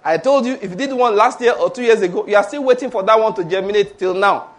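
A man preaching a sermon, his voice pitched high for a man. He delivers it with playful energy and laughs often as he goes. He has the congregation echo his key phrases back to him. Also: quick pace. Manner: animated and playful, laughs often, leads the audience in repeated phrases.

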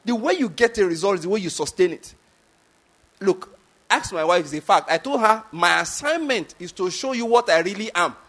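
A man with a Nigerian accent preaching in an emphatic, repetitive way. His voice sits high for a man. He keeps checking that his listeners follow him. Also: animated, moderate pace, a bit bright. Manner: emphatic, repeats points, asks the audience if they follow. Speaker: pastor. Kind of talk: sermon.

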